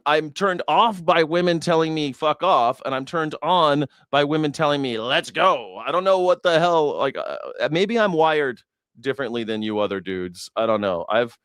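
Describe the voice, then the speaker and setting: A man's voice: fairly high pitch, a bit bright, no echo, clean studio sound. A man hosting a news reaction show, giving blunt, mocking, profane commentary and laughing at his own jokes.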